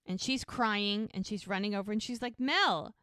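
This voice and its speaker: A woman co-hosting a podcast, recapping a TV episode in a casual, animated way and acting out the characters' lines as she goes. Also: medium pitch, fairly quick, smooth, no room sound, clean studio sound. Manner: animated retelling with quoted dialogue. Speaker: podcast co-host.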